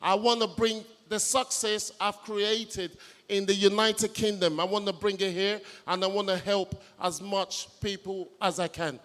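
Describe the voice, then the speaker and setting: Man, guest exhibitor, eager thanks, high voice, echoey hall. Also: fairly even intonation, a little slow, hardly any pauses. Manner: eager, warm thanks, promoting his page. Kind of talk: short thank-you speech. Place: conference hall.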